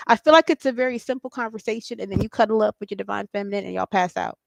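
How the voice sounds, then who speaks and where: A woman with a medium-pitched, vocal-fried voice talks rapid-fire with few pauses, and there's no room sound. She's casually doing a psychic tarot reading to camera, reassuring yet blunt, swearing offhandedly and repeatedly saying "okay?" and "I feel like."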